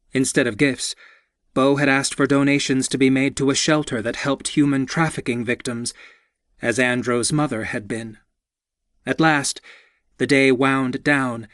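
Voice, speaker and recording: A man reading a romance audiobook in scripted narration, wry and expressive. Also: medium pitch, no echo, clean studio sound.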